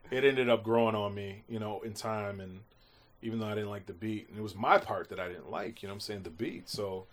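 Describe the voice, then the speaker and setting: A man's voice: on the low side, a little fast. A man telling stories casually in an interview, acting out quotes and swearing freely. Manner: animated, acts out quotes, swears freely, slangy. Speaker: music producer guest.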